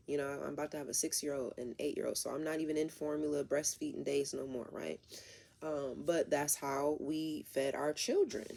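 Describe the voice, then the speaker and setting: A woman's voice: low-pitched, fairly even intonation, normal speed, creaky, darkish tone. A woman doing a casual tarot reading who rambles and talks straight to her viewers. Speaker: tarot reader.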